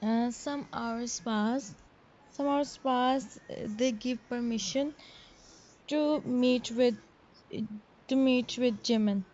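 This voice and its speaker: A woman reading a fan story aloud, calling out each character's name before their lines in halting, simple phrasing. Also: a little high, a little mellow. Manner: halting, reads character names before each line with simple, non-native English phrasing. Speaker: fanfiction reader. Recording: dull lo-fi recording.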